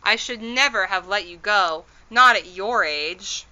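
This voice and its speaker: Storybook: woman reads a fretful tiny wife, pleading, smooth clear tone. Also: medium pitch, measured pace, sharp tone, highs cut off. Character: anxious tiny female borrower, fretful wife. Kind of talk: storybook read-aloud.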